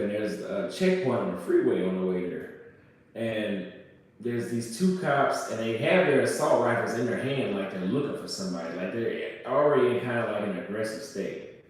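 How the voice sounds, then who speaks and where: A man from the United States casually telling a travel story, swearing and acting out shouted quotes. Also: fairly low pitch. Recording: very echoey room, voice from far off.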